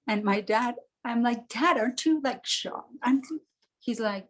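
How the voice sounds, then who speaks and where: A woman's voice: a little high, slow, fairly bright tone. A woman hosting a full moon gathering, telling a story animatedly with frequent laughs, then talking the group through the full moon in a casual spiritual way. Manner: giddy, emphatic.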